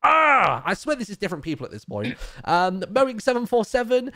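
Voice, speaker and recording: A British man reading out donor names and messages on a charity game stream, brisk with filler ums. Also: sits high, sing-song, pushed and bright, no echo. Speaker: livestream donation reader.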